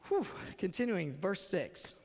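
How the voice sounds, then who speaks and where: A man preaching a conversational, expressive sermon in a church sanctuary. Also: sits high, slow pace, creaky. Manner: conversational, expressive, retells scenes with acted voices. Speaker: pastor. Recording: echoey church hall.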